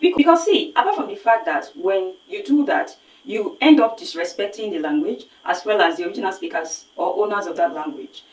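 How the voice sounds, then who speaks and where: A Nigerian woman teaches pronunciation in an earnest, lecturing way, pressing her points with rhetorical questions. Her voice sits at an ordinary middle pitch. It sounds roomy and echoey, picked up from a distance away from the mic. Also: expressive, fairly quick. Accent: Nigerian English. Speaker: phonics teacher. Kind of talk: spoken lesson.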